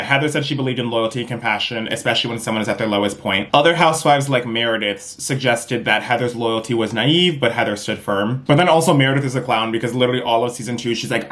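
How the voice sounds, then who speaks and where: A man's voice: medium pitch, a bit bright. A young man giving casual, profane and sarcastic commentary as host.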